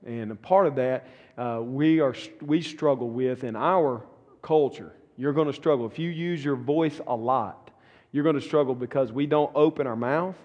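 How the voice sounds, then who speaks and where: A middle-aged pastor with a Southern US accent teaches a church class in a folksy, earnest, conversational way, repeating words and restarting sentences. His medium-pitched voice has a darkish tone at normal speed, and the dull audio carries a long, reverberant room echo.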